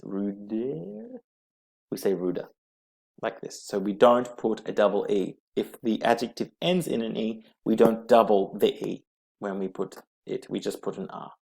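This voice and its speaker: A man teaching English grammar from slides, explaining slowly and patiently and repeating each rule letter by letter. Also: fairly low pitch, creaky, darkish tone. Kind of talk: slide-based grammar lesson.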